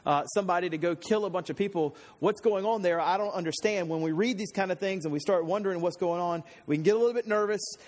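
A man with a notably high-pitched voice delivers a casual, teaching-style sermon. He retells scripture in plain everyday slang, like a chatty storyteller talking to friends. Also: fast talker, hardly any pauses. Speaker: pastor.

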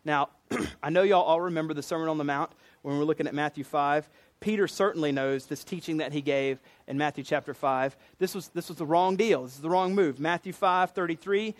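A man's voice: on the high side, fairly quick. A man with a Southern US accent preaching a sermon in a conversational way, acting out quotes in different voices.

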